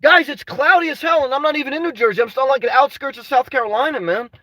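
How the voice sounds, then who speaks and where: A young man on a casual livestream, reading chat aloud and talking restlessly, tacking "man" onto almost every line and now and then rising to shouts. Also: very high voice, fast talker, no room sound, recorded from a distance. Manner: restless, says "man" constantly, swings to shouting. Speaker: vlogger reading live chat.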